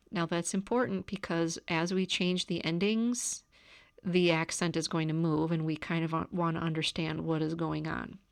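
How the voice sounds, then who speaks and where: A woman giving a recorded grammar lecture, calmly explaining step by step. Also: fairly low pitch, creaky, clean tone, no room sound, studio quality. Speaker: teacher. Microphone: camera.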